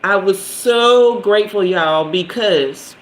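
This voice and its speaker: A woman in her fifties telling a lively personal story to her live-stream viewers, laughing often and talking straight to them. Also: mid-range voice, takes it slowly. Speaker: host of a live tarot stream. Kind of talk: casual storytelling to a live chat. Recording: echoey room with faint background hiss.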